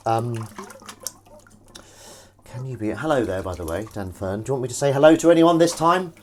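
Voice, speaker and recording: A man rambles and teases in a relaxed, chatty way as he does the washing up on a live stream. His voice sits at a middling pitch. Clearly audible running water and clattering dishes fill the background of the kitchen. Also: normal speed, background noise. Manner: rambling, chatty, teasing, talks to chat while doing chores. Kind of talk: casual live-stream chat.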